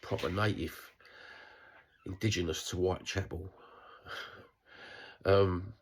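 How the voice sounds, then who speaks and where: A middle-aged man with a broad Cockney accent talks straight to camera in a rambling, unscripted video diary. His voice sits very low and has a husky, rough grain. He swears freely and keeps restarting his sentences. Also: steady tone, slow pace. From East London, England. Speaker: vlogger.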